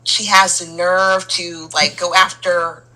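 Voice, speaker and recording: A woman's voice: lowish voice, little pitch movement, slow, sharp tone, low-quality recording. A woman co-hosting a casual soap opera recap chat, giving exasperated, opinionated takes.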